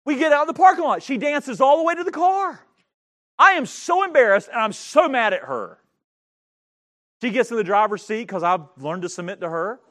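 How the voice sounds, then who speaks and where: A pastor telling a funny, self-mocking story during a sermon. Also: male voice, very high voice, animated, normal speed, a bit bright.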